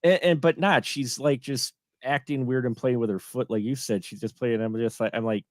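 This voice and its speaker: A man as a guest film reviewer in a casual live stream chat, animated, acting out his own reactions. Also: medium pitch, moderate pace, no room sound, studio quality.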